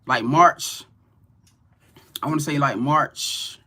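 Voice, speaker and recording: A man hosting a tarot livestream tells a story in loose, casual talk. His voice is very bright and forward, and he keeps turning to his viewers as y'all. He talks in an animated, excitable way and swears freely. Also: on the high side, slow, husky. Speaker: tarot reader and livestream host.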